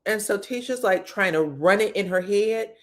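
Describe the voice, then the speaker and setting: A woman recapping a reality TV episode, talking candidly and straight to the cast, slangy and quick to swear. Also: mid-range voice. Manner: slangy and expressive. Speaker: reality TV commentator.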